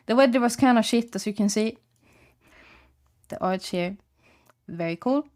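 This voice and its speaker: A woman's voice: a little high, moderate pace, a little mellow. A young woman streamer chatting casually, rambling in a laid-back way, swearing and laughing often. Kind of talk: casual chat.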